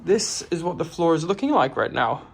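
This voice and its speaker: A man chatting excitedly to his camera outdoors on his rural property, full of exclamations. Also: on the high side, a little fast, creaky, breathy edge. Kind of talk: casual vlog chat to camera. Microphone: handheld camera.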